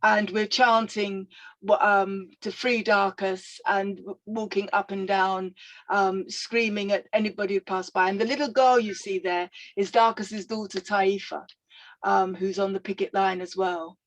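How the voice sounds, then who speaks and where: An older woman telling a personal story as a guest speaker, reflective and animated, with frequent fillers. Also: mid-range voice, unhurried, rough recording.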